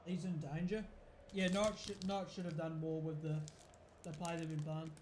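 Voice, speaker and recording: A man's voice: a little high, flat delivery, moderate pace, a little mellow, roomy sound, a little hiss or hum. A man with a New Zealand accent, chatting casually through a live football watch-along, rambling and swearing freely. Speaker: football fan streamer.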